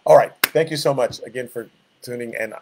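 A man's voice: medium pitch, brisk, background noise. Man, 60s, pastor, easygoing Bible-study teacher, reflective, meandering asides. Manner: conversational, reflective, rambling asides.

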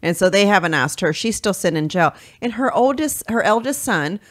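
A woman co-hosting a podcast, lively and chatty as she recounts stories. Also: medium pitch, a little fast. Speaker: podcast co-host. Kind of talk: casual chat.

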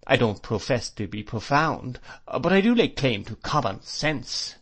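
A man's voice: medium pitch, sing-song, measured pace. A man voicing a stern, disdainful spinster woman in an audiobook. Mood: cold disdain. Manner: sharp, disdainful. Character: harsh stern spinster sister.

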